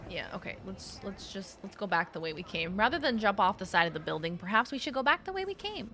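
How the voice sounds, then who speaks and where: A woman's voice: medium pitch, very animated, fast, sharp tone, slight background noise. A woman streaming a video game, chatting casually, laughing often and swearing freely. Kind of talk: casual chat while gaming.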